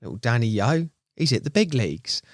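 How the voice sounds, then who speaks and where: A man's voice: a little fast, dry recording, clean studio sound. A man telling a funny story on a podcast, acting out the people he quotes. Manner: animated storyteller, acts out quotes with big pitch jumps. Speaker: podcast co-host. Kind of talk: casual chat.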